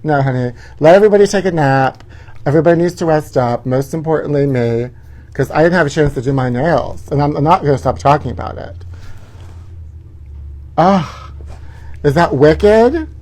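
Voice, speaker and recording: A man's voice: a little high, a little fast, darkish tone. A man hosting a live gossip show from his parents' house, talking in a sassy, campy way and calling everyone honey.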